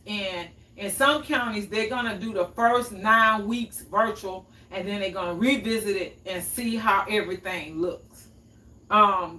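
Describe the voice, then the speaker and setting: A woman's voice: medium pitch, sharp tone. A woman hosting a cooking livestream in a home kitchen, chatting casually and answering viewers' comments. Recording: echoey room, mic at a distance.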